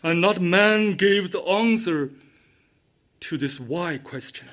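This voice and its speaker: A man delivers a sermon in a strikingly high voice. He speaks slowly and deliberately and presses on his main questions, repeating them for emphasis. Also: expressive, fairly bright tone. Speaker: preacher.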